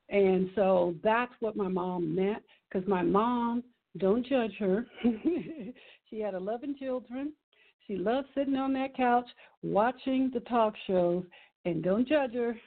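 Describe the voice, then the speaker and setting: A middle-aged woman telling an emotional personal story as a radio guest, earnest and laughing often. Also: mid-range voice. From California. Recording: tinny phone line.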